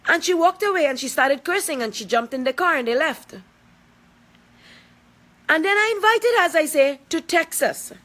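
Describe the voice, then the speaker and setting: A woman's voice: sits high, animated, moderate pace, pauses often, fairly bright tone. A woman, speaking out in a confrontational, emphatic personal video, repeating points for force. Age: 40s. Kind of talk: angry personal video statement.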